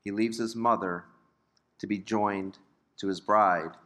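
Brief: older male Bible teacher, chatty and questioning, crisp bright tone. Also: lowish voice, steady tone, takes it slowly. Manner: conversational, asks the class questions, joking asides.

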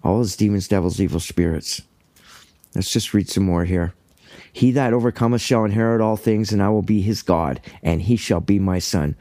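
A man gives a casual Bible teaching, reading scripture aloud and then explaining it with earnest enthusiasm. His voice sits low and mellow. The recording is dry and close, with no room sound. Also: normal speed, no room sound. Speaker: preacher.

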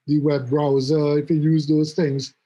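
A middle-aged man chatting casually about his office jobs, telling animated stories and often repeating words as he goes. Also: fairly high pitch, unhurried, highs cut off. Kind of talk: casual conversation.

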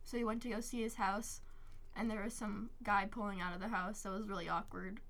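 Bright-voiced young woman rambling. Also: mid-range voice, fairly even intonation, brisk, gravelly. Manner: rambling, many "um" and "like". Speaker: guest. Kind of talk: casual storytelling.

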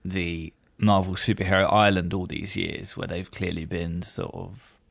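Gravelly, low-voiced podcast host. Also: male voice, level tone, moderate pace, dry recording. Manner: dry, self-deprecating humor. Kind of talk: casual chat.

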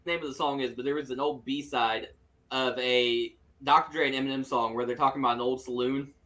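A man's voice: mid-range voice, steady tone, a little fast, pushed and bright, low-quality recording. A man co-hosting a casual podcast, cutting in with jokes. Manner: joking, interrupting. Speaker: podcast co-host.

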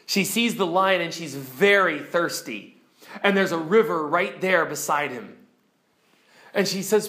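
Male storyteller, slightly high voice, slow and expressive; shifts loud to hushed. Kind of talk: animated book retelling.

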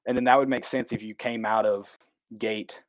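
A man, co-hosting a casual talk show, telling a rambling, excitable story and correcting himself as he goes. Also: lowish voice, normal speed, no room sound. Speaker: podcast co-host.

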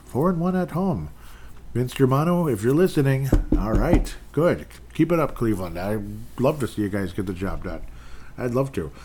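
A man's voice: on the low side, a little mellow, slightly rough. A man hosting a casual sports recap podcast, rambling and joking with asides as he runs through the scores. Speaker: podcast host.

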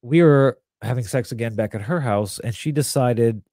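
A young man telling a crude story in casual podcast chat, rambling and animated. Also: mid-range voice, moderate pace, dry recording, studio quality.

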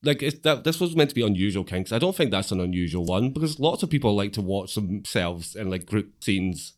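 A man's voice: fairly low pitch, animated, a little fast. A young man with a Belfast accent, co-hosting a casual podcast in a dry, matter-of-fact, teasing way. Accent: Northern Irish, Belfast. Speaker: podcast co-host. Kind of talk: casual chat.

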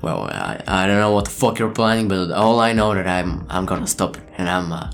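A man's voice: sits low, lively intonation, brisk. A man playing a defiant protective father. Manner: stammering, determined. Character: defiant, angry father protecting his family.

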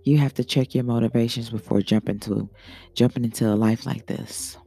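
A woman's voice: rumbling low, steady tone, fairly quick, gravelly, mellow, husky, faint music behind, full character voice. A man voicing a frank, motherly woman swinger with a New Orleans accent who calls everyone baby. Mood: counseling. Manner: calls people baby, blunt advice. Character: sassy older woman swinger, soothing and frank.

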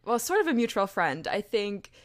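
A woman's voice: mid-range voice, very animated, normal speed. A woman co-hosting a podcast, chatting casually with asides and plenty of fillers. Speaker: podcast co-host. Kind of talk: casual podcast intro and interview.

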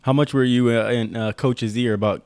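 A man's voice: medium pitch, fairly even intonation, moderate pace, darkish tone, smooth, no room sound. A man co-hosting a casual interview chat, teasing and joking with the guest.

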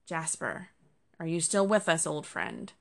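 Woman reading old male bear, low and gravelly, steady and protective. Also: a little slow, exaggerated voice. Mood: grave, kindly.

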